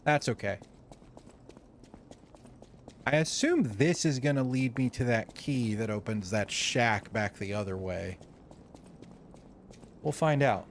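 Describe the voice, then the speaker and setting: American guy streaming a game, chill and swears a bit, mid voice, reads lore out loud. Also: mid-range voice, takes it slowly, long pauses, a little hiss or hum. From United States. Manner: laid-back and profane, laughing at himself. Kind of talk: casual gameplay commentary, reading in-game lore aloud.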